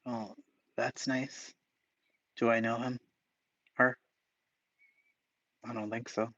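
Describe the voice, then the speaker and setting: Gravelly, profane livestream host. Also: male voice, mid-range voice, little pitch movement, takes it slowly, bright, forceful tone, no room sound, dull audio. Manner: profane, sarcastic, muttering asides. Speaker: livestream host reading chat. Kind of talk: casual chat. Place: home, dogs barking nearby.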